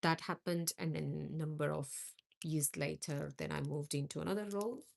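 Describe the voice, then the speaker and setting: A woman's voice: sits low, steady tone, normal speed, gravelly, darkish tone, a little hiss or hum. A woman hosting a casual live stream, talking thoughtfully about her career and reading, with frequent fillers. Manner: thoughtful, lists ideas with many fillers. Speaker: host.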